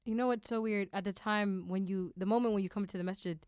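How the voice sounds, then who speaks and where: A woman podcast host with a smooth, resonant voice at an ordinary pitch, talking in an animated, emotional way. Her recall rambles and restarts. The recording is dry and close. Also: fast, no echo. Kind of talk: conversational interview.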